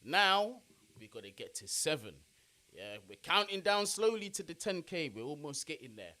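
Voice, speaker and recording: A young man, chatting casually on a football watch-along live stream and giving shout-outs to his chat. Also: fairly high pitch, big pitch swings, moderate pace.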